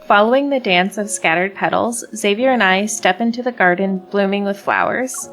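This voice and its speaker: A woman's voice: mid-range voice, normal speed, hardly any pauses, fairly bright tone, faint music behind. A woman hosting a game playthrough, reading the story text aloud and gushing about the characters, often stumbling and restarting words. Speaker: let's play host.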